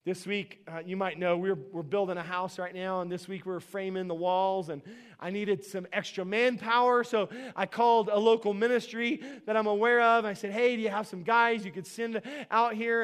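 A man's voice: high voice, clean tone. A man pastor preaching a sermon to his church, telling a personal story in an emphatic, conversational way.

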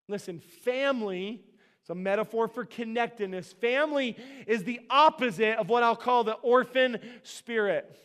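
A man's voice: very high voice, a bit bright, clean tone. A man pastor preaching a sermon to his church, telling a personal story in an emphatic, conversational way.

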